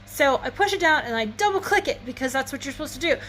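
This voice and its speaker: A woman tells a rambling, self-mocking story fast, in an animated voice that sits high and sounds a bit bright. Chatty and slightly wheezy, she laughs at herself while filming a casual storytelling vlog on her phone. It's recorded indoors at home, with a fan humming faintly behind her.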